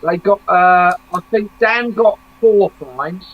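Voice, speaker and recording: A man's voice: high-pitched, slow pace, dull audio. A man from England co-hosting a casual live chat, asking questions and passing on news. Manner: chatty, asks questions, tells news. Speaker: co-host.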